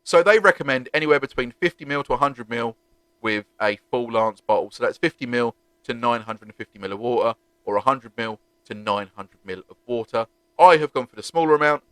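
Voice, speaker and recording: A chatty, jokey man hosts a car-detailing review vlog. His voice sits at an ordinary middle pitch and is recorded dry and close, with no room sound. He talks animatedly and enthusiastically. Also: brisk, a bit bright, smooth, dry recording.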